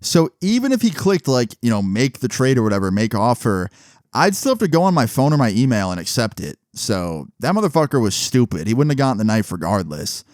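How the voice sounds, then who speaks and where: Excitable, profane young man telling a story. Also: medium pitch, brisk, no echo, clean studio sound. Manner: animated, profane, rhetorical asides to viewers. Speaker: storytelling vlogger. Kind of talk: casual storytime monologue.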